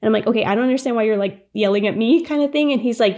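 A woman's voice: a little high, racing, a little mellow. A young woman casually telling a personal story as a podcast guest, chatty, with lots of fillers and frequent laughs.

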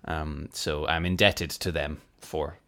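A bass-voiced man speaks slowly and smoothly, his bright, forceful tone showing little pitch movement. As a podcast co-host in a casual Bible-teaching chat, he explains scripture facts thoughtfully, jokes at his own expense, and laughs easily.

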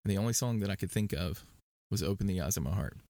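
A man's voice: sits low, lively intonation, quick pace, dark tone, dry recording, studio quality. A man chatting as a guest on a faith podcast, rambling with fillers and restarts as he tells stories. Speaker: worship leader and podcast guest. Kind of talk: casual conversational interview.

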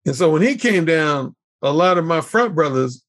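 A man's voice: fairly high pitch, expressive, normal speed, fairly bright tone. A middle-aged man, a podcast guest, telling stories vividly and acting out the dialogue. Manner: vivid storyteller who acts out quoted dialogue. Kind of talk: storytelling in conversation.

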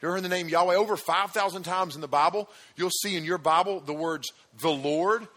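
High, bright-voiced energetic male preacher. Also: brisk. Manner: energetic, emphatic, talks directly to the audience. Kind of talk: sermon.

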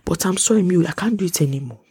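A Nigerian woman hosting a casual solo podcast, animated and often dropping into a whisper. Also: fairly low pitch, fast, breathy edge, no room sound, studio quality. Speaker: podcast host. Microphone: close podcast mic.

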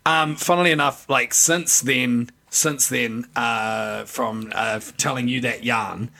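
A man co-hosts a casual podcast, spinning a rambling yarn full of restarts. His voice is gravelly with a lot of fry, and its tone is bright and forward. He sits at a middling pitch. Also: steady tone, slow. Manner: rambling storyteller with restarts, laughs often. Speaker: podcast co-host. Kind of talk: casual chat.

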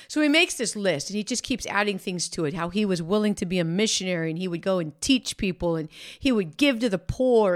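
Woman, devotional podcast host, storytelling, conversational, fillers and restarts, acts out quotes, medium pitch. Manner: animated storyteller who acts out the people she quotes.

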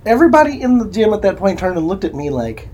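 A man's voice: high-pitched, sing-song, fast talker, a little mellow. A man from Illinois co-hosting a podcast, telling stories bluntly with laughs in casual chat. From Alton, Illinois. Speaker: podcast co-host.

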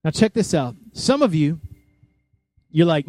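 Animated male preacher, dry close sound. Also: on the high side, unhurried, no room sound. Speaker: pastor. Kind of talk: sermon.

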